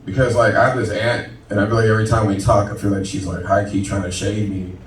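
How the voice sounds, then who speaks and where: A man's voice: fairly low pitch, flat delivery, quick pace, distant mic, a little hiss or hum. A man in his thirties from Florida doing a profane, conversational stand-up set as a comedian. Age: 30s. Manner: brash, profane, conversational punchlines. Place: comedy club stage with audience laughter. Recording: roomy club recording with loud crowd.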